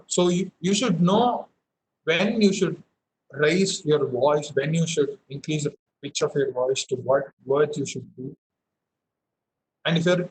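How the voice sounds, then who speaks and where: Young man coaching, slightly high voice. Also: a little hiss or hum, poor audio. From India. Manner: explanatory, many fillers and restarts, demonstrates emphasis. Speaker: public speaking trainer. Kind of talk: online public speaking session. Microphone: headphones with mic.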